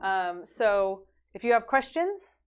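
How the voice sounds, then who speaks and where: A woman's voice: mid-range voice, very animated, slow, smooth. A woman hosting a casual studio live stream, chatty and giggly as she introduces her co-host.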